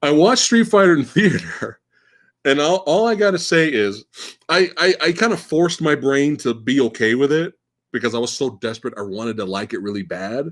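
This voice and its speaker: A man's voice: medium pitch, moderate pace. A man in his forties hosting a live Q&A stream, talking in a rambling, profane way and repeating words as he restarts his sentences. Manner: animated, profane, stammering restarts. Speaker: livestream host. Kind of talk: live Q&A chat.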